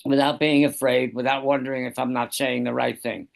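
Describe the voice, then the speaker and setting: A man's voice: mid-range voice, flat delivery, fairly quick, gravelly. An older man sharing a reflective personal story in a study group on a video call.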